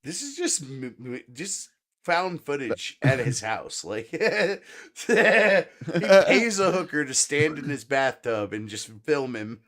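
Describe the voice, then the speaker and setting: A man's voice: on the high side, big pitch swings, slow, fairly bright tone, a faint crowd. Laid-back swearing man hosting a late-night chat. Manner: laid-back, swears a lot, laughs often. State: a little high and tired. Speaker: podcast host. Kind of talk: casual late-night chat reacting to clips.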